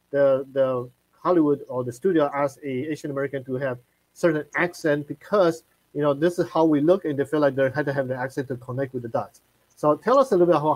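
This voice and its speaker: Halting male live-stream host, dry sound. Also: a little high, a little mellow, dry recording, low-quality recording. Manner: halting, many fillers and restarts.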